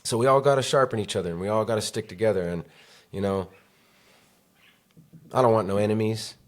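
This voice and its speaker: A man's voice: lowish voice, fairly quick. A man hosting a solo podcast, talking in a candid, rambling, profane and confessional way. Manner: emotional, confessional. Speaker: podcast host.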